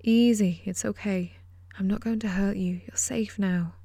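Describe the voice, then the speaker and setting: Sweet, crooning young heroine around twenty, gentle and calming , as a female narrator plays her, dry close sound. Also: medium pitch, moderate pace, no echo, lightly acted. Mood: soothing. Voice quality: sweet, musical voice. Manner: soothing, crooning. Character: young woman around twenty, brave, kind, soothing.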